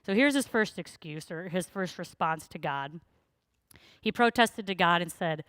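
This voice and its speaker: Smooth-voiced woman preaching casually. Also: fairly low pitch, animated, unhurried, fairly bright tone, no room sound, studio quality. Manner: conversational, frequent fillers. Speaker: pastor. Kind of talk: sermon.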